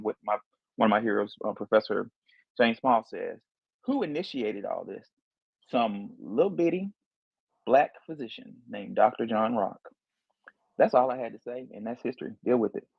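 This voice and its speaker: A man's voice: mid-range voice, sing-song, normal speed, vocal fry, husky, no room sound, highs cut off. A man from Alabama, arguing his point in an online debate and stumbling over fillers and repeated words. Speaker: debate participant. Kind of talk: online audio-room debate.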